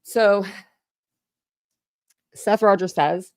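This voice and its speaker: A woman from Ohio with a slightly low, gravelly voice rambles casually through a live stream, greeting viewers and laughing between thoughts. Her speech is loose and chatty, full of fillers and restarts, and the sound is close and dry with no room echo. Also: lively intonation, moderate pace. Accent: Ohio with Philadelphia family influence. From Ohio, USA. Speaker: host of a live stream commentary channel.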